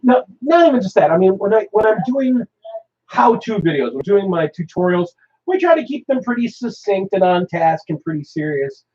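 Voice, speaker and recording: A man's voice: high voice, very animated, moderate pace, warm tone. Laughing joking man, lo-fi stream. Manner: rambling, joking, laughs often. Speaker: host. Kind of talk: casual chat on a live stream. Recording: dull lo-fi stream audio.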